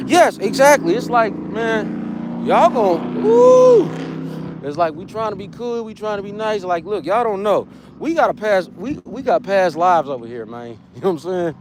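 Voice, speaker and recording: A man hosts a livestream and rants about people who waste his time. His voice sits high and swings widely in pitch, jumping from low mutters to sharp peaks. He swears freely and keeps checking in with viewers. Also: background noise. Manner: heated, profane, street slang, repeats "you know what I'm saying". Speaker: livestream host. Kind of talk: casual livestream rant.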